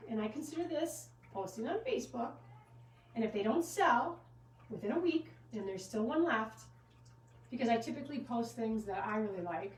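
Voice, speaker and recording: A woman's voice: high voice, a little mellow, echoey room, recorded from a distance, slight background noise, rough recording. Chatty giggly woman selling in her shop. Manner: chatty, giggly, goes off on tangents. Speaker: gift shop owner hosting a live sale. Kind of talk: casual live-stream product showcase. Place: inside a small gift shop with a trickling fountain.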